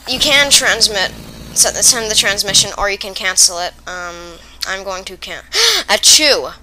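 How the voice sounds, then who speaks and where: A woman giving chatty, excitable, rambling commentary while playing a video game. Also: medium pitch, moderate pace, slight background noise, rough recording. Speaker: let's play gamer. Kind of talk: casual gameplay commentary.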